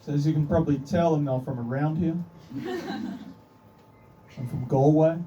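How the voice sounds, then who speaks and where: A man's voice: on the high side, steady tone, moderate pace, highs cut off, a crowd in the background. An Australian man with an Australian accent performing a stand-up comedy set in a dry, self-deprecating way. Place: comedy club stage. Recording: distant club recording with room noise.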